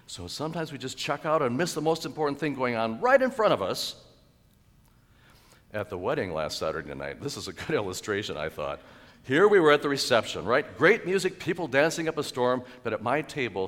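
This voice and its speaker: A male pastor preaching a sermon in a church, animated and chuckling, with sudden loud exclaimed quotes. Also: medium pitch, normal speed, big-room sound. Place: church sanctuary.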